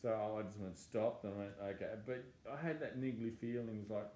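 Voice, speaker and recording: A man telling a personal testimony, animated and stammering as he acts out his own thoughts. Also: lowish voice, fairly quick, few pauses, a little hiss or hum. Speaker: testimony speaker. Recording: echoey room with faint ambience.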